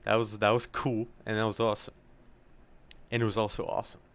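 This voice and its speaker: A man's voice: on the low side, completely flat delivery, a little fast, clear, resonant tone, no room sound. A young man co-hosting a podcast, giving rambling, jokey thank-yous to listeners. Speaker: podcast co-host. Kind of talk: casual chat, listener shout-outs.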